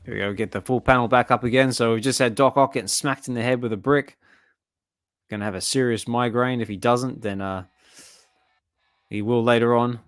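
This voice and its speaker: A man casually reading a comic aloud and reacting excitedly to the panels as a channel host. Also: medium pitch, brisk, clean tone, dry recording, studio quality, faint music behind.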